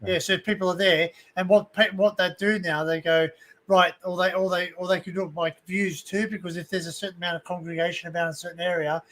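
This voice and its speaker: A man hosts a casual panel chat over a video call. His voice sits high for a man, and he tells stories in an animated way, cursing freely. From Australia. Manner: animated storyteller, swears freely. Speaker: livestream host.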